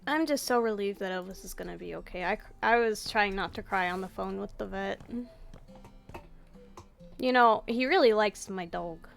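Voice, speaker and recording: A let's-play gamer talks casually to herself as she plays, tossing out offhand swears along the way. Her voice is gravelly and medium-pitched at a normal speed, with faint music in the background.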